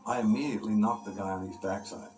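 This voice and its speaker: Low-voiced man telling relaxed anecdotes. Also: quick pace, poor audio. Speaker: lead actor recalling the film. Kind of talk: interview recollection. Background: music.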